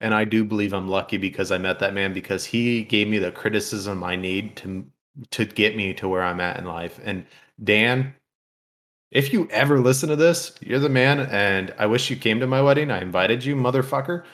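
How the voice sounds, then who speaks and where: A man's voice: on the low side, normal speed, a bit bright. A man co-hosting a podcast, telling crude, profanity-filled stories in a casual way and laughing as he goes. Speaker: podcast co-host. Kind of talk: casual storytelling.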